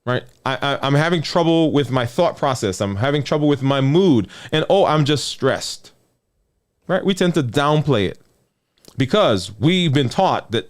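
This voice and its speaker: A man talks like a doctor giving a casual health talk, at a normal speed, his pitch lively and animated. He often sinks low and soft on key words for emphasis, checks in with the listener frequently, and repeats phrases to drive his points home.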